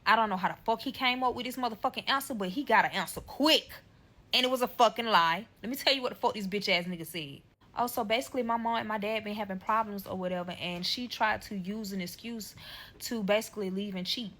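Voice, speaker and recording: Young woman telling a messy story time, super bright voice, cussing and acting out what ppl said, aave. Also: mid-range voice, fast talker. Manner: profane, emphatic, acts out quotes. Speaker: storyteller in a clip.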